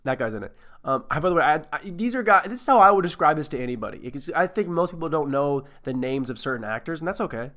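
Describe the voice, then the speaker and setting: A man's voice: a little high, animated, fast, sharp tone. A man hosting a podcast, reviewing a movie in a loose, rambling, jokey way with plenty of swearing. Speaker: podcast host. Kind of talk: casual movie-review chat.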